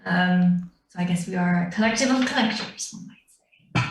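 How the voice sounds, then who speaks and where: A woman playing a brisk bird-folk headhunter. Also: fairly low pitch, faint music behind, lightly acted. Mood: businesslike. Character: female raptor bird-folk hunter leader, brisk. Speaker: headhunter of a hunters' guild. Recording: roomy, distant mic.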